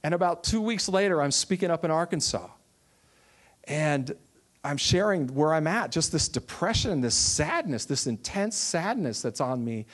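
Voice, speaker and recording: A man's voice: a little high, normal speed. Man preaching a heartfelt testimony. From Texas. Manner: storytelling, animated, acts out quoted voices. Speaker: minister. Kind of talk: testimony sermon.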